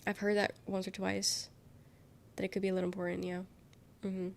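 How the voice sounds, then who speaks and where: A woman's voice: mid-range voice, level tone, brisk, vocal fry, slight background noise. A young woman with a nasal, under-the-weather voice, rambling through casual chat with her live viewers, giggling and swearing freely. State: sick, congested. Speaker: live streamer.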